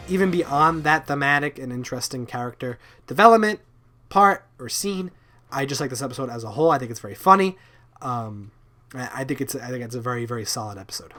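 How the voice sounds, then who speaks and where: A man's voice: medium pitch, lively intonation, a bit bright, faint music behind. Man rambling through an episode review. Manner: halting, repeats words, many ums and likes; loose and informal, swears offhand. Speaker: video reviewer.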